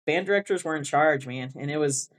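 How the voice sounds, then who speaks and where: Speaking briskly in a low voice, this female band director from Texas's Rio Grande Valley is a guest in a relaxed interview. Her talk wanders with frequent restarts and plenty of laughter.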